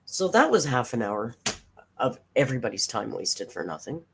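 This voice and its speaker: A woman's voice: a bass voice, very animated, normal speed, vocal fry, slight background noise. A woman hosting a casual livestream reaction, sarcastic and swearing freely as she reads comments aloud. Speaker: reaction streamer host.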